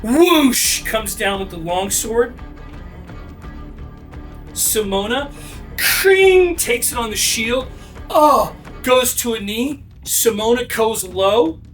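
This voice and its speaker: A game master narrating a sword fight at the table, his voice pitched high for a man. He drives the action hard, bursting into sound effects, with faint music underneath. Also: slow pace, long pauses. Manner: energetic, with shouted sound effects.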